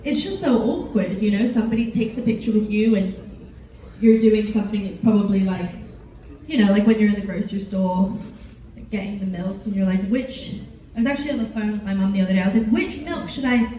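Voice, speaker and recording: At a convention panel in a large hall, a woman with a warm, mid-range voice answers fan questions quickly and casually, telling rambling stories packed with fillers and giggles. The recording is echoey and distant, with background noise and the highs cut off.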